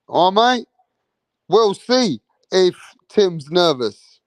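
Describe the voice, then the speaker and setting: A man's voice: high voice, lively intonation, slow, no echo. A young man hosting a boxing livestream, chatting casually with plenty of slang, repeating himself and reading out viewer comments. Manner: repetitive, slangy, reads viewer comments aloud. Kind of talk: casual live chat.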